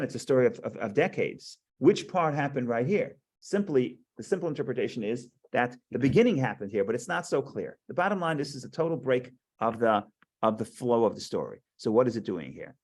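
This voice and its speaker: Gravelly-voiced man teaching a Torah class. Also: mid-range voice, animated, fairly quick. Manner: chatty storytelling with frequent restarts.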